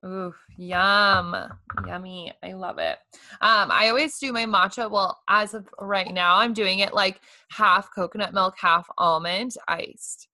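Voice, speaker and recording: Young woman, podcast host, bright voice, dry close sound, laughs a lot. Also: mid-range voice, a little slow, dry recording. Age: young adult. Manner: upbeat, laughs often. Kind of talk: casual interview chat.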